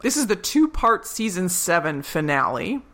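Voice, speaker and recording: A young woman co-hosting a podcast in casual chat, talkative and quick to laugh. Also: fairly low pitch, very animated, a bit bright. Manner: chatty, laughs often, quick asides. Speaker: podcast co-host.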